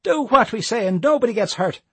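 Jumpy, clumsy young robber, pitched high and loud, husky grain, voiced by a man. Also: big pitch swings, brisk, no room sound, heavily acted. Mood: nervous. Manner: high, shaky and eager. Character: nervous young male robber, jittery and clumsy.

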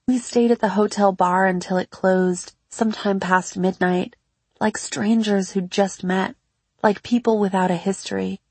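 A woman reading her own memoir aloud in a measured, reflective first-person narration. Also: mid-range voice, a little mellow, breathy edge, dry recording. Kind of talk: scripted audiobook narration.

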